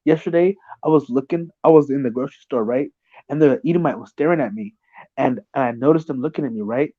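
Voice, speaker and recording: A man in a casual chat who tells animated, profane stories and acts out the people in them. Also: medium pitch, fast, dry recording, dull audio. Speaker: conversation partner.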